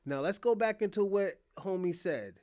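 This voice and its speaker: A man with a notably high voice rants bluntly and crudely, mocking as he reacts. His sound is dry and close to the mic. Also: animated, moderate pace, a little mellow, no echo. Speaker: host. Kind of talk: profane reaction commentary.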